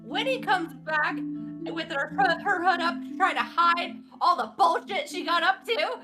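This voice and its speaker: A woman's voice: very high-pitched, lively intonation, unhurried, music in the background. A woman recapping a tabletop game session in a casual, giggly way, laughing often and swearing freely. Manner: giggly, breathless storytelling, frequent swearing.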